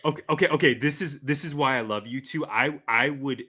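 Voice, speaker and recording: A man's voice: mid-range voice, a little fast, sharp tone, breathy edge. A man hosting a podcast, chatting casually and effusively with his guests, playfully aware of his own dramatic streak. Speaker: podcast host.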